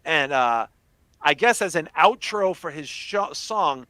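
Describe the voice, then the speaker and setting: A man co-hosting a live-stream podcast, chatting casually in an excitable, profane way. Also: on the high side, slow, dry recording. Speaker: podcast co-host.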